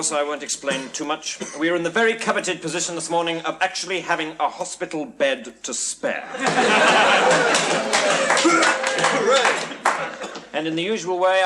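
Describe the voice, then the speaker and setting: A man in a live comedy sketch plays an auctioneer, rattling off bids in quick repeated patter. His voice sits fairly high for a man. The old album recording carries heavy hiss and audience laughter.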